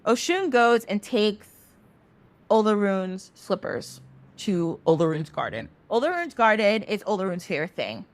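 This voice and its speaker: A young adult woman hosting a podcast, retelling a myth in a chatty, animated way with casual profanity. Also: mid-range voice. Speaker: podcast host. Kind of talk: casual mythology storytelling.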